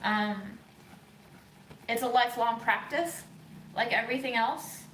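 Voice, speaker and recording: A woman vlogger giving an earnest, thoughtful monologue, speaking slowly with frequent pauses and ums. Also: fairly high pitch, fairly bright tone, echoey room, a little hiss or hum, poor audio. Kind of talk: reflective monologue.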